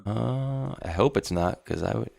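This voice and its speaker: A man's voice: on the low side, lively intonation, measured pace, gravelly, darkish tone. A middle-aged man from Rhode Island co-hosting a livestream, rambling in loose casual chat and laughing often. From Rhode Island, United States. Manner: loose, rambling, laughs often, drops slang like dude and bro. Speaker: livestream co-host.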